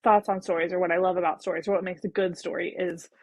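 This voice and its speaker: A woman's voice: fairly low pitch, little pitch movement, fast talker, darkish tone, no echo. A woman, a brand coach and guest, talking in a casual, thoughtful and enthusiastic way with many "um"s and "like"s. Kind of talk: casual interview talk.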